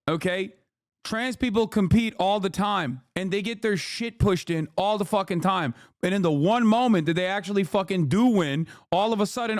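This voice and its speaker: A man streaming a heated, profane reaction rant, shouting and mocking as he goes. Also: high-pitched, no room sound, studio quality.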